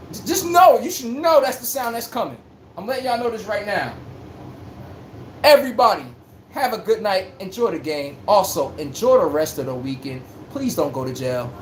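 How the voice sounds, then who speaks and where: A man hosting a livestream sports talk show for his chat, brash and joking, full of slang and sudden bursts of hype. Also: high voice. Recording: roomy echo with faint background hum.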